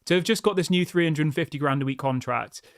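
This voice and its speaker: A man's voice: fairly high pitch, quick pace, smooth, no echo, studio quality. A man hosting a football channel, reading viewer comments aloud and giving blunt, frustrated opinions in a chatty way. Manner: frustrated, blunt and conversational, often saying "mate".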